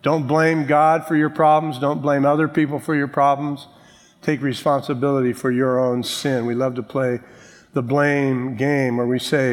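A male pastor preaching a sermon, joking with the congregation and slowing down to stress key words. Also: medium pitch, flat delivery. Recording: long reverb of a large hall.

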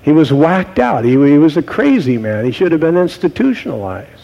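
A man preaching a sermon, posing rhetorical questions to his congregation and dropping to low, quiet tones for emphasis. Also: very animated, fairly quick, vocal fry, lo-fi sound. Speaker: pastor.

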